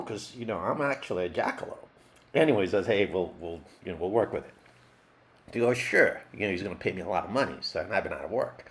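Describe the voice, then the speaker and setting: A washed-up male jackalope actor, played by a man, rambles through a mock documentary interview and keeps losing his train of thought. His voice sits low and rough with a gravelly fry. He talks loosely and wanders off on tangents. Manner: rambling, loopy, easily sidetracked.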